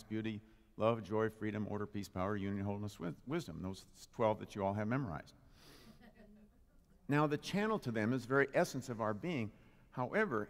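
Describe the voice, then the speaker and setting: With a voice on the low side, a man delivers a playful, jokey Father's Day sermon to a live crowd, engaging them as he goes. He's a spiritual practitioner using a handheld or stand microphone, and the hall adds long reverb.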